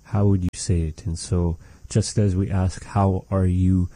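A man's voice: deep voice, flat delivery, warm tone, no echo. A man teaching phrases of a language in a patient, repetitive lesson. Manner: slow, patient, repeats phrases for practice.

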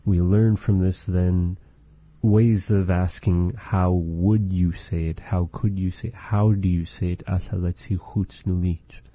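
A man's voice: deep voice, fairly even intonation, warm tone, no room sound. A man teaching phrases of a language in a patient, repetitive lesson. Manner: slow, patient, repeats phrases for practice.

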